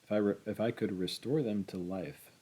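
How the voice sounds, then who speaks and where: Drunk maudlin man read by a man, slow, heavy, husky low voice. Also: steady tone, warm tone, low-quality recording. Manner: slow, heavy, self-pitying.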